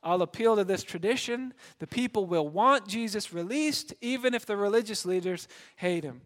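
Give me a man playing a rattled, scheming male Roman governor, high and insistent. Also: moderate pace, fairly bright tone. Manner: pleading then indignant, rising emphatic pitch. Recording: long hall reverb.

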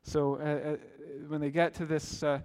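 A man with a notably high speaking voice delivers a sermon as pastor. He tells stories plainly, then lifts into earnest, emphatic calls to his listeners. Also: flat delivery, normal speed, darkish tone, clean tone. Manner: earnest preaching with rising emphatic exclamations.

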